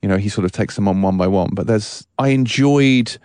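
A man's voice: lowish voice, a little fast, darkish tone, clean tone, no room sound. A man in casual podcast chat, rambling with many fillers and restarts.

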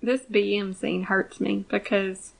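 A woman co-hosting a casual fan podcast, blunt and swearing, with quick asides. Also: mid-range voice, little pitch movement, gravelly. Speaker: podcast co-host.

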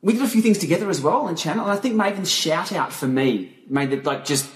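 A middle-aged man with an Australian accent talks casually as an interview guest. He tells his stories in a chatty, animated way. The voice sits in an echoey room with a long reverb tail. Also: high-pitched, fast talker. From Melbourne, Australia. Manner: chatty storyteller, lively and animated when retelling anecdotes. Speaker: guest, cycling vlogger and racer.

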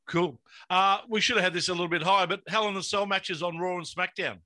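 A man's voice: high-pitched, steady tone, quick pace, sharp tone, dry recording. A man hosting a podcast, casually moving topics along with jokes. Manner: joking, moves topics along. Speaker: podcast host. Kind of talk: casual chat.

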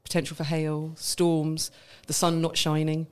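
A woman's voice: sits low, monotone, measured pace, darkish tone, smooth. A woman from Britain co-hosting a casual podcast chat, explaining in detail and laughing often. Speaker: wine expert co-host.

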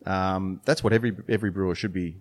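In a casual interview, a middle-aged brewer and beer judge rambles through stories, full of restarts and fillers. He talks fast in a deep voice with fairly even intonation.

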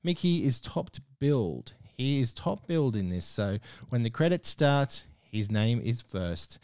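Man, podcast host, casual film review, mellow tone, dry close sound. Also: medium pitch, big pitch swings, measured pace, no echo. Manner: chatty, with frequent fillers and restarts.

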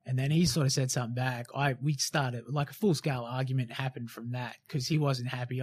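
A man's voice: medium pitch, steady tone, fairly quick, hardly any pauses, husky. A man in his late twenties or thirties, a former commando, telling his story frankly with lots of fillers and the odd swear word. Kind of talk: casual storytelling interview.

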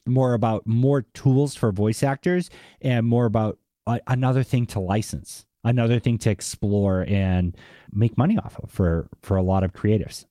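His fairly low, dark voice moves at a moderate pace in this conversational interview, where the Boston-accented guest peppers his talk with "like" and "right?". The studio-quality recording has no room sound.

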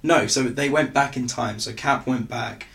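Gravelly-voiced man co-hosting a podcast. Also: medium pitch, normal speed, fairly bright tone. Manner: explains at length, with laughs and restarts. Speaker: podcast co-host. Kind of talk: casual comedic chat.

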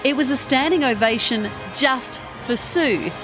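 A woman hosting and narrating a story podcast with expressive delivery. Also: sits high, measured pace. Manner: expressive, rising with excitement. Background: background music.

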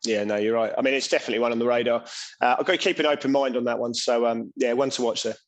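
Brief: mid-pitched male co-host, halting, thinking aloud over charts. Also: fairly even intonation, soft background music, poor audio. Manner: hesitant, many ums and restarts. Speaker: co-host of trading show. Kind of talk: casual market chat. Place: home.

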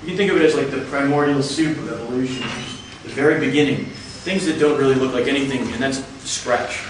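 A man with a mid-range voice gives an explanatory lecture, walking his audience through the topic step by step. The big hall echoes heavily, and he seems somewhat distant from the mic, with a faint hum of background noise.

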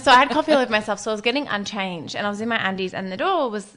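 A young woman, a podcast guest telling a story in a chatty, animated way with lots of fillers. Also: medium pitch, very fast. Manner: chatty, many fillers and laughs, animated retelling. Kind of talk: casual storytelling.

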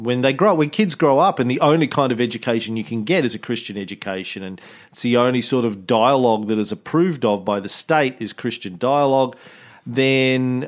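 An Australian man chatting casually as a podcast host, rambling and joking with frequent restarts. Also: mid-range voice. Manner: rambling, jokey, with repeated restarts. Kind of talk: casual chat.

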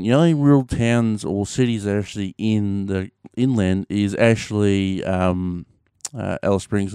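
An Australian man talks casually on his own show, rambling and restarting, with plenty of fillers and the occasional swear. His voice sits low and comes through smooth and clean. The sound is close and dry, with no room around it. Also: mellow, dry recording. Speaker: podcast host. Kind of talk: casual solo chat.

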